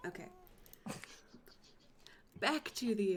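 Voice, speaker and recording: A woman hosts a casual live-stream chat with voice actors, giggling and asking questions with enthusiasm. Her pitch swings widely, and a faint background hiss runs under her voice. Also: expressive, moderate pace. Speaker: host.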